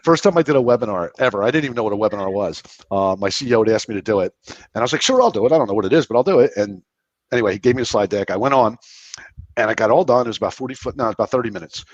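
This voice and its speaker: Husky fast-talking man from Philadelphia. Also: on the low side, no echo, muffled recording. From Philadelphia area. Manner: rapid, self-deprecating, laughs often. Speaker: guest, business credit expert. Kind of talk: casual interview chat.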